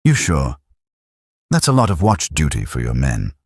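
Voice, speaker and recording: A man's voice: rumbling low, huge pitch swings, moderate pace, breathy edge, no echo, clean studio sound, full character voice. A man voicing a tired American army lieutenant who speaks in a frank, weary, slightly hesitant way.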